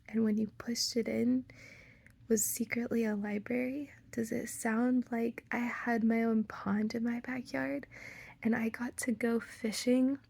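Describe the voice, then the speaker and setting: This vlogger is a young woman whose voice sits on the high side, creaky and somewhat dark in tone, with a Valley girl accent. Talking loosely to camera, she peppers everything with "like," tosses in playful asides, and half-whispers some lines.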